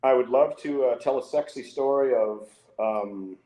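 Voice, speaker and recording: A middle-aged man tells a story on a podcast, dropping curses and switching to a raised voice whenever he quotes someone. His voice sits at a medium pitch. The sound carries a roomy echo. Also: measured pace, crowd noise. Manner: animated, swears freely, acts out quotes in a higher voice. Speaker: podcast guest. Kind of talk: casual storytelling.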